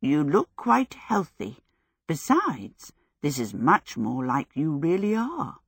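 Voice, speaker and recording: Calm, dry old woman muttering to herself; woman narrator doing it. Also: slow pace, breathy edge, no echo, exaggerated voice. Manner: calm, low, matter-of-fact. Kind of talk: audiobook character voice.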